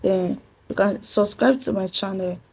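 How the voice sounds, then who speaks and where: Woman teacher, husky gravelly mellow voice, spells out letters while explaining rules. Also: mid-range voice, unhurried, low-quality recording. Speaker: English teacher. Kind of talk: spoken pronunciation lesson.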